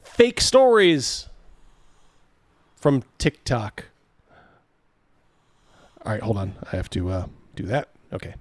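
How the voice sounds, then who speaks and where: A man's voice: lowish voice, measured pace, long pauses, a little mellow, no room sound. Guy hosting a reaction stream, laughs a lot, rambles, dry close sound. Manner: laughing, rambling, crude jokes. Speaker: host. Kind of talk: casual livestream reaction chat.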